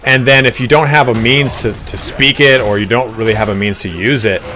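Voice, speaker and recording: A man's voice: mid-range voice, steady tone, a little fast, bright, forceful tone, a little hiss or hum. A young man from Southern California chatting casually with a guest while streaming a game, rambling with lots of fillers. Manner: laid-back, rambling, many fillers. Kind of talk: casual gaming stream chat.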